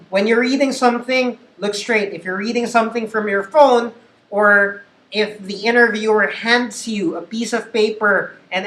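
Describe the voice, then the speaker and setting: Man, Filipino accent, call center trainer, slow and patient, echoey room. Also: sits high, pushed and bright. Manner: patient, repeats key points. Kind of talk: instructional talk.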